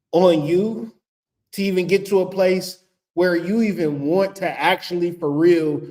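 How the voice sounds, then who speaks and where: Casting: high-voiced man, casual spiritual adviser, blunt, cursing and joking. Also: a little mellow. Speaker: spiritual vlogger. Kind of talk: casual spiritual advice talk.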